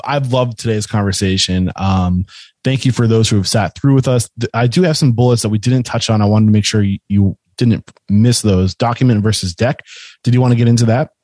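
A man hosting a webinar conversation, enthusiastic and a little halting as he talks. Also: lowish voice, darkish tone, no echo. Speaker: podcast and webinar host.

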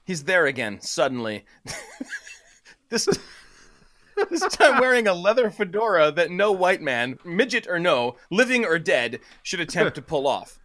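A man's voice: high voice, very animated, measured pace, pushed and bright. A man playfully narrating a comedic story, reading it aloud with a co-reader. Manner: playful, laughs between lines.

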